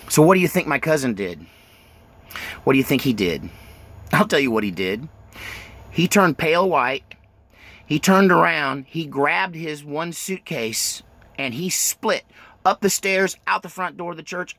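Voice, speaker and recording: A man's voice: fairly high pitch, fairly bright tone. A middle-aged man telling his own life story in a rambling, self-interrupting way, full of fillers and restarts. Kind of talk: autobiographical storytelling.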